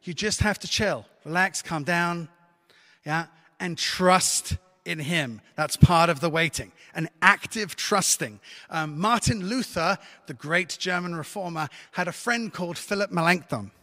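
A man preaching a sermon as pastor, lively and conversational, with joking asides to the congregation. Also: high voice, unhurried. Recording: long church reverb.

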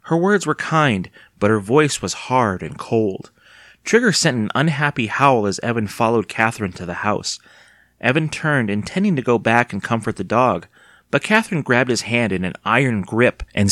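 A man narrating an audiobook in an expressive, dramatic storytelling manner. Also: mid-range voice, moderate pace, no echo, clean studio sound. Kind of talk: audiobook reading.

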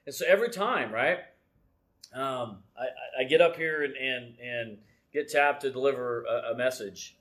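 A middle-aged man with a mid-range, slightly bright voice gives a casual church message from the front at normal speed. He's self-deprecating, shares personal stories, and keeps checking in with "right?"

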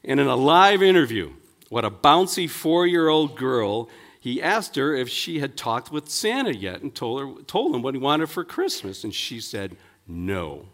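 A man's voice: medium pitch, sing-song, moderate pace, a bit bright. A man, a pastor, giving a folksy sermon full of jokes and stories, talking in a chatty way with many "you know"s. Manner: chatty, leans on "you know" between thoughts; playful, builds toward punchlines.

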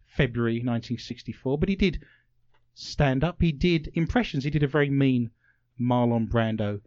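A man's voice: mid-range voice, moderate pace, a little mellow, no echo. A man hosting a radio talk show, joking and punning with theatrical flair. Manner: playful, punning, theatrical delivery. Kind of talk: jokey quiz show banter. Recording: dry, slightly dull lo-fi sound.

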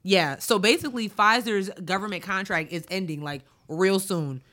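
A woman co-hosting a podcast in casual chat, slangy and emphatic, sometimes drawing her words out slowly. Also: medium pitch, bright, forceful tone. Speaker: podcast co-host.

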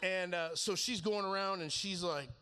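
High-voiced man telling a sermon story. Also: moderate pace, a little hiss or hum. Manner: animated, laughing storyteller acting out conversations. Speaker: preacher.

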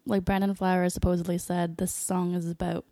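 A young woman co-hosting a casual chat podcast, upbeat and quick to giggle. Her voice has a gravelly fry running through it, recorded dry and close. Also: fairly low pitch, flat delivery, mellow, no echo. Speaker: podcast co-host.

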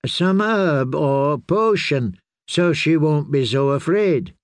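Man doing a slow, dry-toned scared young man, nervous and pleading. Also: a little high, expressive, no room sound.

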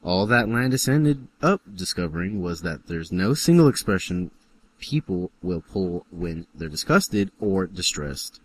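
A low-pitched man reads an article aloud for a casual podcast, his pitch swinging a lot from phrase to phrase. He drops dry asides and short laughs between sentences. Faint ambience sits under the voice. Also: big pitch swings, measured pace, a little hiss or hum. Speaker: podcast co-host reading an article. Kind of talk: casual chat, reading aloud.

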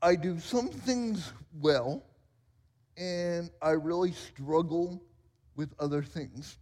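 Pastor, 40s, male: high voice, self-mocking jokes, long church-hall reverb. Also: takes it slowly, a little mellow. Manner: playful, self-mocking storyteller. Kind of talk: sermon. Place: church sanctuary.

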